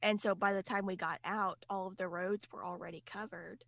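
Bright-voiced young woman podcast host. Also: medium pitch, steady tone, fairly quick, creaky, no echo, studio quality. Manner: laughing, joking. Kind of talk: casual chat.

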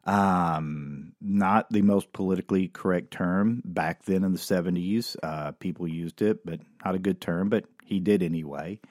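Wry, low-voiced middle-aged man. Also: normal speed, hardly any pauses, darkish tone, dry recording. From Oklahoma. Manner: wry, dry asides, casual with many fillers. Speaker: storyteller. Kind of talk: comedic personal storytelling.

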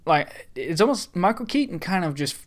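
Chatty, excitable man on a podcast. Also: high voice, moderate pace. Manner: enthusiastic, rambling with restarts. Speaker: podcast co-host. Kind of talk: casual podcast chat.

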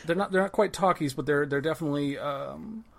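A man running a tabletop game as game master, narrating in a playful, halting way. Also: fairly high pitch, creaky. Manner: playful, halting, many restarts.

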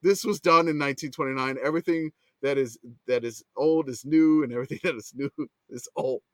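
A man hosting a casual podcast chat, excitable, swearing and laughing as he talks. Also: mid-range voice, fairly quick, no room sound. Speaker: podcast host.

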